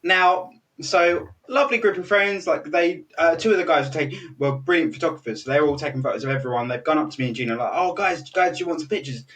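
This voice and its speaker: A young British man, a podcast host, telling an animated story in casual chat, laughing often and restarting his sentences. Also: on the high side, fast, far from the mic. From Britain.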